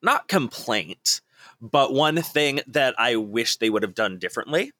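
A man co-hosting a casual podcast chat, excitable and quick to break into impressions. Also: mid-range voice, dry recording. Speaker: podcast co-host.

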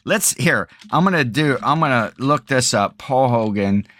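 A man's voice: medium pitch, lively intonation, moderate pace, fairly bright tone. A man co-hosting a podcast in casual chat, rambling with frequent laughs and restarts. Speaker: podcast co-host.

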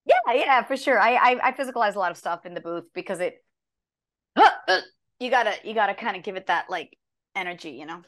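A woman voice actor chatting in an interview, animated and acting out bits of her lines as she talks, with a dry, sarcastic edge. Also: medium pitch, fast talker. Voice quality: can sound dry and sarcastic. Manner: animated, acts out lines mid-story. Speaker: voice actor guest. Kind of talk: casual interview chat.

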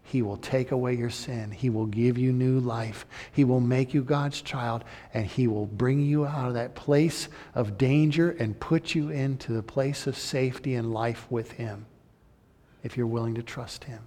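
A man preaching a sermon as pastor, moving between impassioned emphasis and hushed, near-whispered appeals. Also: mid-range voice, steady tone, unhurried. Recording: long hall reverb.

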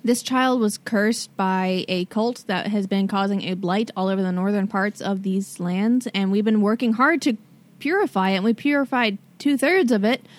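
A woman's voice: medium pitch, moderate pace. A woman playing in a tabletop game, pleading and explaining in character. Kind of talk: tabletop role-play.

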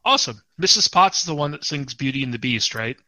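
A man hosting a podcast in casual, chatty conversation, self-deprecating and relaxed, on a close mic. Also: medium pitch, fast talker, no room sound, low-quality recording. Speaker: podcast host.

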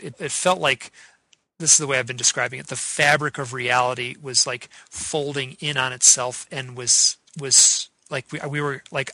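Male host, gravelly and bright, close dry sound, rambling storyteller. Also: mid-range voice, no echo, low-quality recording. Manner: rambling, many restarts and fillers. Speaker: podcast host. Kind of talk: casual interview chat.

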